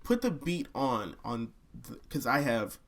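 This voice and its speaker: A man's voice: mid-range voice, measured pace. A young man chatting casually about making his album, telling stories animatedly and humming melodies as he goes. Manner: animated storyteller who hums melodies mid-sentence. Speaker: singer discussing his album. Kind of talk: casual chat.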